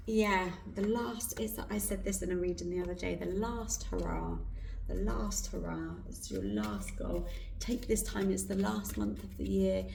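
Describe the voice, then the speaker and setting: A woman giving an intuitive card reading in a slow, soft, reflective way with pauses, her throat going hoarse, recorded indoors. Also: fairly low pitch, background noise. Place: indoor room with incense burning. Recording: roomy, distant mic.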